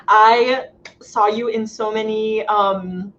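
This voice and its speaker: A woman's voice: medium pitch, slow pace, a bit bright, dull audio, slight background noise. A woman hosting a live writing stream, chatting casually and upbeat, with lots of fillers and frequent laughs. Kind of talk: casual livestream chat.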